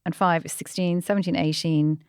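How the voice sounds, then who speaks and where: A woman's voice: fairly low pitch, steady tone, normal speed, smooth, no echo, clean studio sound. A woman co-hosting a podcast in casual chat, playful, with short replies. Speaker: podcast co-host.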